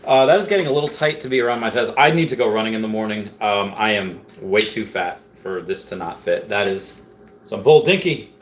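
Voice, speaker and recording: A man's voice: on the low side, expressive, brisk. A young man hosting a casual livestream from home, rambling as he reads viewer comments aloud. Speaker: livestream host. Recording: faint background noise.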